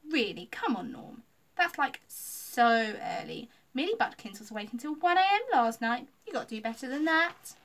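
A woman voicing a bratty, loud six-year-old girl who squeals and shrieks over the top in a storybook reading. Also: sits high, lively intonation, normal speed, voice pushed up. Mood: cheeky.

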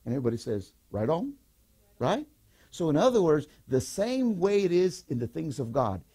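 Lively husky-voiced older preacher. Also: male voice, on the high side, moderate pace. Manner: animated preaching with repetitions and call-and-response. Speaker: pastor. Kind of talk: sermon.

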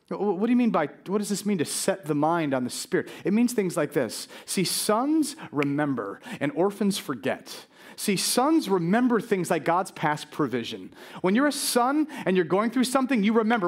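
A middle-aged male pastor preaching a sermon, lively and animated, acting out quoted worries with frequent stammering restarts. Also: high voice, moderate pace.

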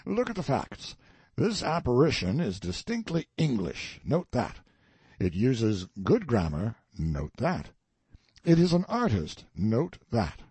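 A man's voice: medium pitch, darkish tone, husky, no echo, heavily acted. A man reading the part of a grandiose, eccentric old colonel in an audiobook, declaiming solemnly and pompously.

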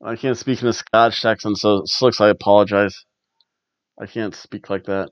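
A man's voice: lowish voice, steady tone, moderate pace, no room sound. Wry man rambling through a wrestling recap. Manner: rambling and wry, with frequent chuckles. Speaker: podcast host. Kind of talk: casual wrestling review chat. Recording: dull lo-fi dry recording.

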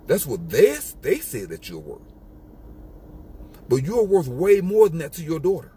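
A man's voice: a little high, sing-song, a little slow, mellow, husky. A man giving an emphatic, repetitive motivational monologue in a casual street style. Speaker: motivational speaker.

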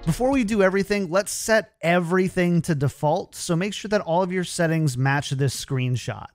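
Male tutorial host, upbeat and clear, slightly high voice, dry studio sound. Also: moderate pace, dry recording, soft background music. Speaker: streaming tech tutorial host. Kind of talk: scripted tech tutorial.

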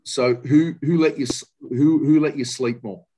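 Halting male interviewer. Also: medium pitch, fairly even intonation, dark tone, a little hiss or hum. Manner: halting, with many fillers and restarts. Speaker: podcast host and interviewer. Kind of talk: interview questions.

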